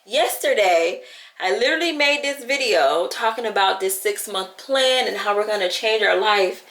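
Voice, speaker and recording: A woman's voice: mid-range voice, lively intonation, normal speed, a bit bright. A woman vlogger talking to her camera, chatty and heartfelt, close to tears as she speaks. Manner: tearful and heartfelt, close to crying; chatty, lots of "like" and quoting herself. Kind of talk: emotional talk to camera. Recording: echoey room.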